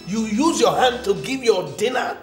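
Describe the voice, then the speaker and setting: Smug, dismissive groom. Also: male voice, very high voice, normal speed, echoey room, loud music behind the voice. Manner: emphatic, mocking. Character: smug, dismissive groom shooing away his ex. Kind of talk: TV sitcom acting.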